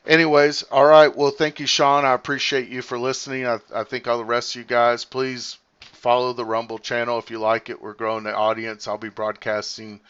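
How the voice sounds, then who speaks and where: A man hosting his own livestream and chatting casually. He rambles and thinks out loud with lots of fillers, talking fast as he reads comments. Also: medium pitch, flat delivery, smooth, lo-fi sound. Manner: talks fast while reading comments. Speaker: livestream host.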